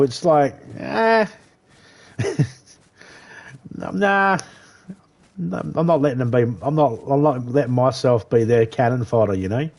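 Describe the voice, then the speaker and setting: A man with a warm, mid-range voice chats casually on a live game stream, recorded through a headset. He swears freely, laughs often, and rambles.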